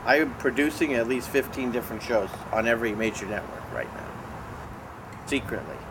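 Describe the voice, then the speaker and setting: A man's voice: medium pitch, fairly quick, noisy background. A man bragging and scolding in dry, exasperated comedic banter. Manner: boastful, exasperated, deadpan. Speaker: show regular talking with puppets.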